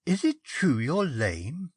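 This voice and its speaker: A man putting on a brisk, lightly mocking young woman. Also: a little high, sing-song, slightly rough, dry recording, studio quality, exaggerated voice. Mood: bemused. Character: bold, laughing young woman.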